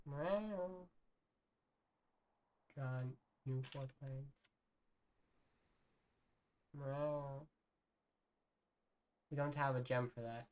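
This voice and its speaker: A woman's voice: extremely low pitch, level tone, normal speed, few pauses, darkish tone. A woman streaming a game, murmuring to herself as she plays and saying meow again and again. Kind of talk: casual game commentary.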